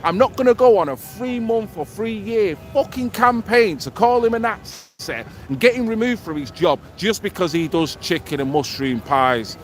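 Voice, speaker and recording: A Mancunian man from Manchester, England, hosts a casual street livestream from an outdoor city square, chatting bluntly and jokily with lots of swearing. His high-pitched, expressive voice runs at normal speed with hardly any pauses, over loud street noise and faint music, in low-quality audio.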